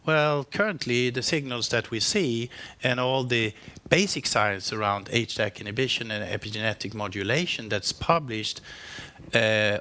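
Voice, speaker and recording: Bright-voiced executive man, frank. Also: mid-range voice. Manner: frank, many restarts and fillers. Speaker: company executive. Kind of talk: panel discussion answers.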